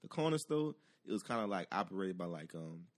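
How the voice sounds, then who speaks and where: Animated man telling a street story. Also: low-pitched, a little fast. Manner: animated, profane, acts out the voices of other people. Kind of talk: casual storytelling chat.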